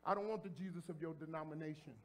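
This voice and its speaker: A pastor preaching a sermon in a church. He talks straight to the congregation in a casual way and repeats phrases as he builds to shouts. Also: a little high, steady tone, fast talker. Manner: addresses the congregation directly and informally. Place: church sanctuary before a congregation.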